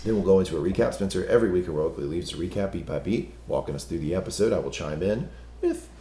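A man with a hoarse, gravelly voice, co-hosting a casual podcast chat. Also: deep voice, expressive, fast, warm tone, roomy sound, slight background noise. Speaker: podcast co-host.

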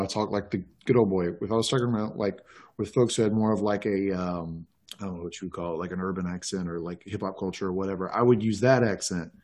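A man from North Carolina with a fairly low voice, chatting casually as a co-host. He speaks candidly and reflectively, as if telling a personal story to friends. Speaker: podcast co-host. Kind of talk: casual chat.

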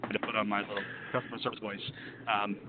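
A man on a podcast telling a story of his own in casual chat, emphatic and animated as he describes getting worked up. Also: fairly low pitch, rapid-fire. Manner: animated, emphatic retelling of frustration. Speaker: podcast co-host. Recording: tinny phone line with faint noise.

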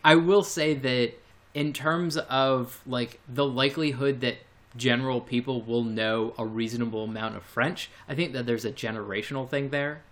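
A man's voice: mid-range voice, normal speed, few pauses, fairly bright tone. A man co-hosting a podcast in casual chat, rambling and hesitant, with frequent fillers and restarts. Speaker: podcast co-host.

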